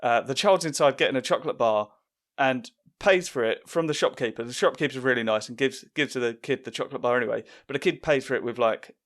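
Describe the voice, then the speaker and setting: A man's voice: medium pitch, fast talker, fairly bright tone. A man hosting a casual comedy podcast chat, telling long wry stories. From United Kingdom. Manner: rambling, wry storytelling. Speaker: podcast host.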